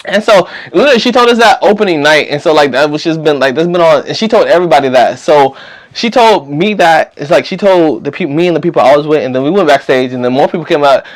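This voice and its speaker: Animated young man telling a story. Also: on the high side, quick pace. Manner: animated, slangy, acts out quotes. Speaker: vlogger. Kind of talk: casual storytelling.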